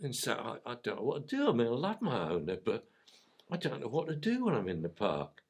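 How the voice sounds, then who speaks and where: A man's voice: mid-range voice, huge pitch swings, quick pace, a little mellow, breathy edge. A man voicing a worried young male puppy with a London accent, earnestly telling his troubles. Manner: earnest, anxious storytelling.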